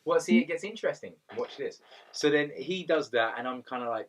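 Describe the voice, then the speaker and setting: A man's voice: fairly high pitch, lively intonation, a little fast, a crowd in the background. A man co-hosting a podcast and telling stories in a casual, rambling way, often repeating words. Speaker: podcast co-host. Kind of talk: casual storytelling chat.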